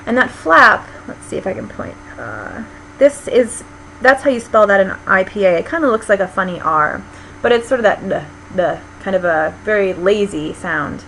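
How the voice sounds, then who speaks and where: A woman's voice: medium pitch, lively intonation, moderate pace, fairly bright tone, slight background noise, rough recording. An American woman giving a lecture, explaining things step by step with frequent ums and small restarts. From United States. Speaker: linguistics lecturer.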